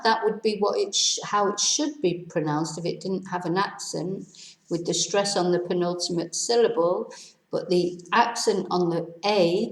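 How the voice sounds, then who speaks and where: A woman teaching a language lesson at an unhurried, measured pace, spelling words out one letter at a time. Her voice is on the lower side and carries a noticeable room echo. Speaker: Spanish teacher.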